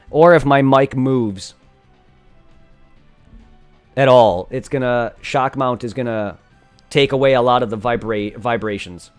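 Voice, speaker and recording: Streamer, male, mid-pitched, loose rambling delivery with restarts, home desk mic. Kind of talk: casual tech talk. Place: home room by a humming computer. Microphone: desk condenser mic.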